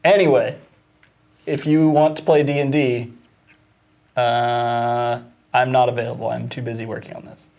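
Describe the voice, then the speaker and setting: A man's voice: mid-range voice, flat delivery, moderate pace, pauses often, darkish tone. A man co-hosting a casual studio update chat, dropping wry jokes and asides. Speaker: co-host of studio update show.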